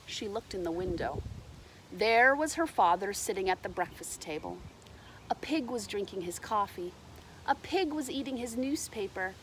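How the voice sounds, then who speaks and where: A woman reading a children's picture book aloud with lively, animated delivery. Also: medium pitch, normal speed, slight background noise. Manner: animated, shouts character lines, explains to children. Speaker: storybook reader. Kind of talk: children's storybook read-aloud.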